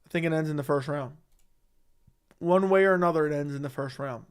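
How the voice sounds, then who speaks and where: A man's voice: a little high, brisk, smooth. A man hosting a casual MMA livestream from a home setup, reading viewer comments and answering them in a defensive, argumentative way that repeats its points. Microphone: studio dynamic mic.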